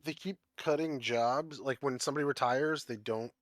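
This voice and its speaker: A man chatting casually as a tabletop player, soft-spoken and hesitant, often restarting his sentences. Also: medium pitch, moderate pace, no echo. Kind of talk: casual chat.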